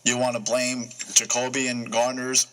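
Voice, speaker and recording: A young male host runs a casual sports talk show at a middle pitch. He is emphatic and likes to pose a question and answer it himself. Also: monotone, normal speed, a bit bright, rough recording. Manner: emphatic, asks and answers his own questions.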